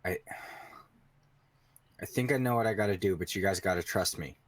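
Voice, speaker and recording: A man's voice: deep voice, moderate pace, no room sound. A man playing an anxious male prisoner in a tabletop game, talking in a hesitant, stammering way. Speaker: player.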